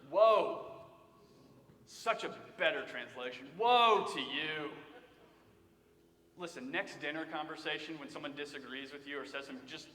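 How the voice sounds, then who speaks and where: High, bright-voiced man preaching in an echoey hall. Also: a little hiss or hum. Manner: conversational storytelling with humor. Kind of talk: sermon. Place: church sanctuary.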